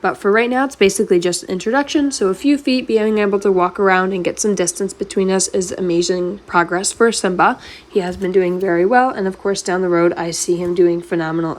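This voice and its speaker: A woman's voice: lowish voice, fairly even intonation, a little fast. A woman dog trainer narrating a voice-over, explaining a training clip step by step in a plain, casual way.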